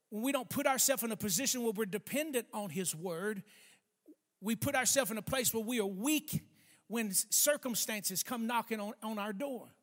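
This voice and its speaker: A man preaching a sermon, speaking emphatically, stretching key words slowly and calling for responses from the congregation. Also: high-pitched, fairly bright tone. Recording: long hall reverb.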